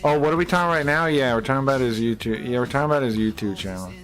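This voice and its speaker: A man's voice: mid-range voice, racing, fairly bright tone. A man streaming live, chatting casually and rambling to his chat, with mild swearing and many fillers. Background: faint music.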